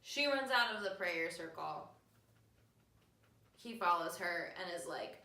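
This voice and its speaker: A woman's voice: fairly low pitch, lively intonation, moderate pace, sharp tone, roomy sound, recorded from a distance. A woman hosting a casual podcast, recapping a movie in a chatty, sarcastic way and acting out the characters' lines. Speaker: podcast host.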